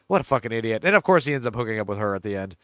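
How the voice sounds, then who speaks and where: A man's voice: fairly low pitch, sing-song, racing, no echo, clean studio sound. A man hosting a casual movie riff, rambling with lots of fillers and laughs, cracking crude jokes. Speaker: podcast host riffing on a movie trailer. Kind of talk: casual chat.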